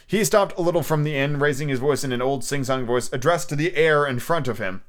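A man's voice: on the high side, fairly quick, hardly any pauses. A man casually reading a classic adventure story aloud as host, with irreverent asides and frequent stumbles and rereads. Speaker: audiobook narrator and podcast host.

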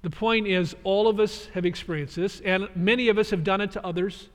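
High-voiced pastor preaching in a reverberant hall. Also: male voice, a little fast. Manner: earnest, emphatic expository preaching. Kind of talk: sermon. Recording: long reverb of a large hall.

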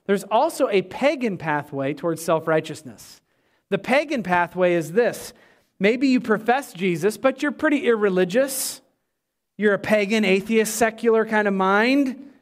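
A middle-aged man preaching from the pulpit in a fairly high voice. He presses his points with emphasis, then sinks low and quiet to drive them home to the congregation. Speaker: pastor. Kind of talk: sermon. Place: church.

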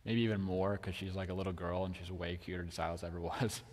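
Young man, pastor, casual sermon, filler-heavy talk, hushed to loud, long hall reverb. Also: low voice, little pitch movement, fast talker. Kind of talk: sermon with personal story.

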